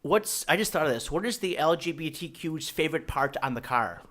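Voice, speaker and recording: A man's voice: fairly high pitch, brisk. A young man, a podcast guest, telling jokey stories in casual chat. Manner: animated, jokey, puts on voices in anecdotes. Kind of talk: casual comedic storytelling.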